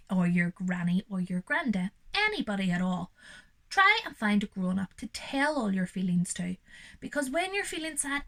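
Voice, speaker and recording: Gentle, lively woman reading to children. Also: on the high side. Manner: gentle, reassuring, speaking directly to young children. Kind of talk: reading a picture book aloud to children, with explanations.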